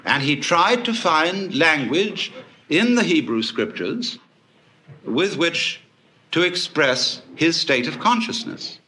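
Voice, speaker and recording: Lively, bright-voiced male lecturer. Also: a little high, slow, slight background noise. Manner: wry, anecdotal storytelling with dry humor. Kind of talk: public lecture to a live audience.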